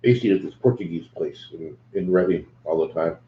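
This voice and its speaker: A man co-hosting a casual chat show, talking in a relaxed, rambling way. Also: low-pitched, fast talker. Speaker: podcast co-host. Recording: echoey lo-fi room with faint noise.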